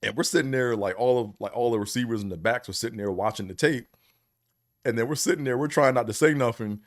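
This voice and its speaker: A man's voice: mid-range voice, fast talker. A man telling funny stories from his life in a loose, casual way, often breaking into laughter and tagging lines with "man". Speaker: podcast host. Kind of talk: casual storytelling.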